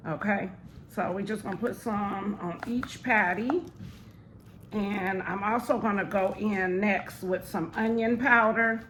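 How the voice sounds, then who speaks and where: A woman's voice: mid-range voice, a bit bright, slight background noise, poor audio. A woman hosting a casual home cooking video, chatting straight to her viewers as she cooks. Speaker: cooking vlogger. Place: home kitchen.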